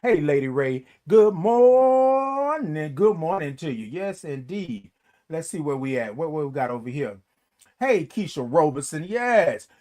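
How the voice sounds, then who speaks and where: In casual chat, a morning livestream host greets viewers tuning in live. His voice is high and lively, and he animatedly sings his hellos, stretching them out and adding short bursts of song.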